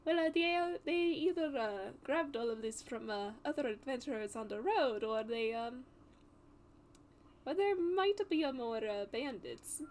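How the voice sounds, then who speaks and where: A woman voicing a mustached male hero who speaks softly and haltingly. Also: fairly high pitch, animated, a little hiss or hum. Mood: puzzled. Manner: halting, soft, lots of fillers.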